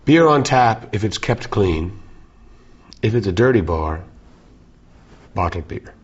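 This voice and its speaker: A man's voice: on the low side, expressive, takes it slowly, highs cut off, a little hiss or hum. A man in his forties from South Africa, chatting loosely in an interview, rambling, joking and swearing freely. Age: 40s. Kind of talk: casual interview chat.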